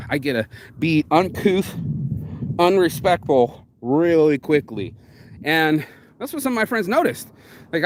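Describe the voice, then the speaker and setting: A man's voice: a little high, sing-song, moderate pace, a little hiss or hum. A man vlogging outdoors, rambling in a candid, confessional way with many fillers and restarts. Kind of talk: casual morning livestream monologue.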